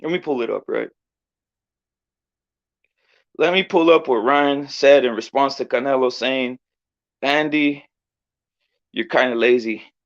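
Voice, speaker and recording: A man hosting a combat sports show in a casual, profane, animated rant that keeps circling back on itself. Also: mid-range voice, measured pace, gravelly, pauses often, no echo, dull audio. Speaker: show host.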